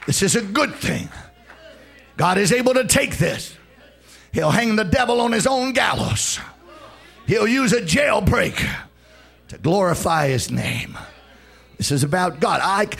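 Male preacher, husky and high-pitched, call-and-response sermon, shouts hard, soft music under. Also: very animated, measured pace, pauses often. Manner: call-and-response, shouting and swooping between loud and low. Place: church service before a congregation.

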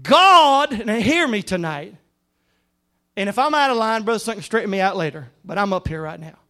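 A preacher delivering a sermon in a strikingly high-pitched voice. He tells his stories in an easy, conversational way and then rises to loud, shouted emphasis on his key points. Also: expressive, brisk.

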